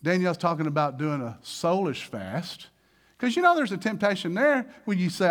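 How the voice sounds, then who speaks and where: A male pastor preaching a sermon in an animated way, acting out little voices and swinging between loud and soft. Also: high voice, fast talker.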